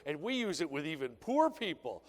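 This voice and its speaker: A man's voice: on the high side, sing-song, fairly quick. A man giving a motivational sales talk to a seminar audience in a conference hall, firing punchy rhetorical questions at the crowd. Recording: long reverb in a large hall.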